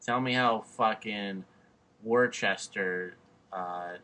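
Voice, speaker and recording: A podcast host with a New York accent trades loud jokes on a casual show, his voice bright and forceful yet fairly low and slow. He swears freely and keeps needling his friend.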